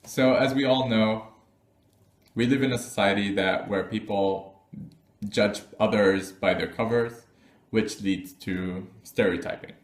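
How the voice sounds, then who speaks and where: A man's voice: fairly low pitch, measured pace. A man vlogging casually, telling personal stories to camera, often laughing and acting out what people said. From Arab. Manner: animated, laughs often, acts out quotes. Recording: echoey room.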